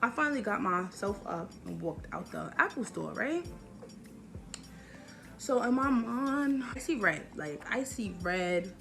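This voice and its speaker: A woman's voice: medium pitch, animated, measured pace, gravelly, a bit bright, soft background music. A young woman vlogger telling a personal storytime in emphatic slang, repeating her points for effect. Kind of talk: storytime vlog.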